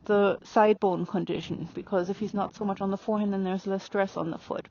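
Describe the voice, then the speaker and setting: A woman riding a horse and calmly explaining her training as she goes, pausing to speak softly to the horse. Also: mid-range voice, slight background noise. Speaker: riding instructor. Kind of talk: narrating while riding. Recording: dry, dull lo-fi sound.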